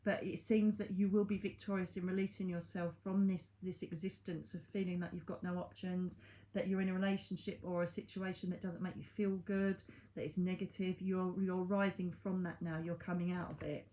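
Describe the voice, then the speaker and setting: A woman's voice: on the low side, flat delivery, a little fast, warm tone, a little hiss or hum. A woman reading oracle cards to camera in a chatty, reassuring way that laughs at herself. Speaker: psychic medium reading cards. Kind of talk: casual tarot card reading to camera.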